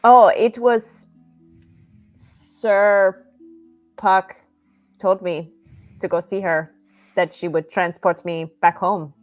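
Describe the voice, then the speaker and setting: A woman's voice: mid-range voice, fairly even intonation, slow pace, pauses often, faint music behind. A woman player in a tabletop game, speaking in character, hesitant with many ums.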